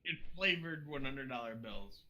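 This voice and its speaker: A man's voice: mid-range voice, animated, normal speed, bright, forceful tone, poor audio. A young man teasing a drunk friend during a casual chat, swearing offhandedly.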